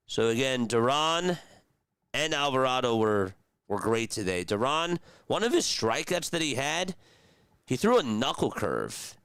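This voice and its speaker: A young man calling a game play-by-play on a live stream, chatty and rambling between pitches and talking to his viewers. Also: sing-song, a little slow, a bit bright, smooth, no echo. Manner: chatty, rambling asides between calls, talks to chat. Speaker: streamer doing radio-style play-by-play.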